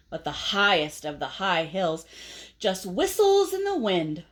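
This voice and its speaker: A woman reading a picture book aloud to children in an expressive way, pausing to ask the listeners questions. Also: mid-range voice.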